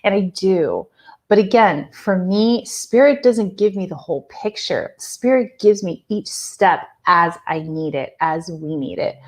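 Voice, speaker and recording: Woman telling a spiritual story, low-pitched. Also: animated, measured pace, darkish tone. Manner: chatty, laughing, lots of "like" and "you know". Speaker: spiritual teacher.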